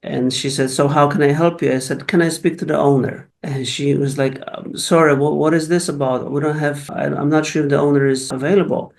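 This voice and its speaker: A man's voice: a little high, steady tone, fairly quick, creaky, hardly any pauses, a little mellow. A middle-aged man with a Polish accent, a physical therapist telling his life story in an interview, often restarting and repeating words as he recalls events. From Poland.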